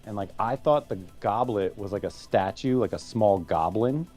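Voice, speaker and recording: A man's voice: on the low side, lively intonation, moderate pace, mellow, soft background music. A man telling a rambling, self-mocking anecdote in casual chat on a stream.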